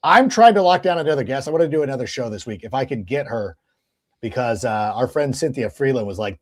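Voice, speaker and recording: A man hosting a sports podcast, talking casually in a lively, rambling way with restarts. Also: mid-range voice, a little fast. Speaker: podcast host.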